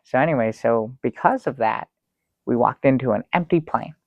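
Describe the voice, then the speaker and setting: A man plays an excitable, fussy guest with a mid-pitched, gravelly voice who rambles and stalls, then bursts into theatrical exclamations. The recording sounds slightly dull and lo-fi and dry, with no room echo. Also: normal speed. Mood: rambling. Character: fussy excitable man telling a travel story. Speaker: talk show guest. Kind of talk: improvised comic storytelling.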